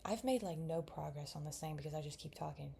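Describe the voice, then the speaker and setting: A woman's voice: sits low, fast, vocal fry, dark tone, a little hiss or hum. Young woman rambling while she draws. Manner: rambling, mumbles to herself. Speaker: vlogger. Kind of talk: casual chat while drawing.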